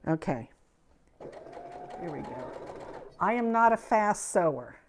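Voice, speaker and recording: A woman's voice: lowish voice, animated, takes it slowly, a little hiss or hum. A middle-aged woman with a Midwestern American accent, giving a casual, folksy quilting lesson in her sewing room. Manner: chatty, folksy, self-deprecating. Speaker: quilting instructor.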